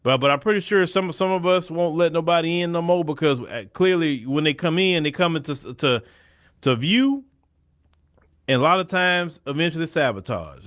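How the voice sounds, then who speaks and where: A man's voice: a little high, expressive, normal speed, a bit bright. A man hosting a show of casual political commentary, blunt and opinionated, often restarting his sentences. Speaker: host.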